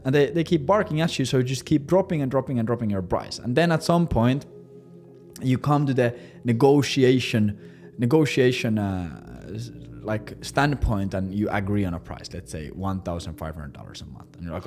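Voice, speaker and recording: A man's voice: animated, moderate pace, darkish tone. Brash, profane young man coaching. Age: 20s. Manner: brash and profane, acting out squeaky high voices. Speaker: sales coach. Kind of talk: casual instructional monologue.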